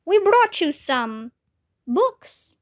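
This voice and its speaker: Brief: woman as a teasing storybook man-ghost, slow and dry. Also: extremely high pitch, sing-song, pitched above the performer's own voice, full character voice. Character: teasing male ghost of summer reading.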